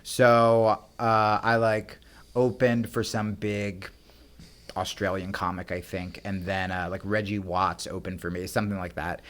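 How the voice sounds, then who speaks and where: A young adult man from the United States, a comedian guest telling rambling, profane stories full of fillers in casual chat. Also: on the low side. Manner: rambling, profane, animated anecdotes with many fillers.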